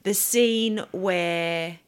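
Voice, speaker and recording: A woman's voice: on the low side, drawn-out words, smooth. A woman co-hosting a podcast in casual chat, teasing and asking questions. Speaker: podcast co-host.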